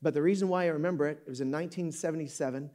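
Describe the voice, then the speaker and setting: Warm-toned, fairly high and racing along, a man in his fifties from Michigan preaches to a live auditorium crowd. The pastor keeps it conversational, joking and correcting himself through a story.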